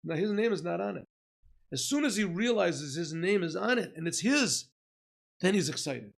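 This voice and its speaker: Male rabbi, lecture, animated storytelling, slightly high voice, gravelly. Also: moderate pace, rough recording. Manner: animated storyteller, acting out dialogues. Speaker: rabbi teaching Chassidus. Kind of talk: lecture with acted-out parable.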